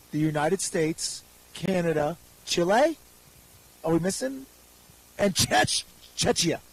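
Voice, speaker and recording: A man's voice: high voice, rough recording. A man announcing a live freeride ski event, giving upbeat, joking play-by-play.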